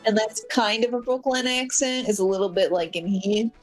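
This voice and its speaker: A woman's voice: mid-range voice, normal speed, soft background music. A woman commenting on a game playthrough in casual chat, full of jokes and playful banter.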